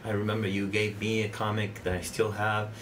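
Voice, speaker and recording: A man's voice: lowish voice, little pitch movement, fairly quick, fairly bright tone, a little hiss or hum. A man hosting a casual interview podcast, speaking with a Spanish accent and plenty of fillers and restarts. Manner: hesitant, many fillers and restarts. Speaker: podcast host.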